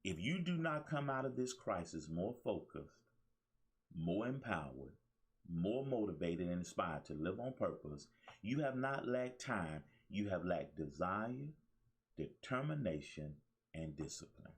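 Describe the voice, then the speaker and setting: A man's voice: deep voice, big pitch swings, unhurried. A man hosting his own motivational talk show, preaching to listeners with repeated phrases. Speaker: life coach and show host.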